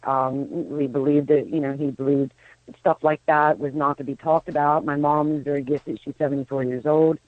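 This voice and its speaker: A woman's voice: low voice, little pitch movement, normal speed, dry recording. Woman talking over a tinny phone line. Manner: rambling storyteller, frequent restarts. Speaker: psychic medium guest. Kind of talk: phone-in radio interview. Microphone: telephone.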